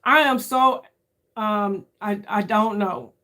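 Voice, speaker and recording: A woman in her fifties, a beauty creator, talking candidly and searchingly straight to her viewers in a casual chat, often calling them "y'all" and rising in pitch for emphasis. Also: takes it slowly, sharp tone. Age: 50s.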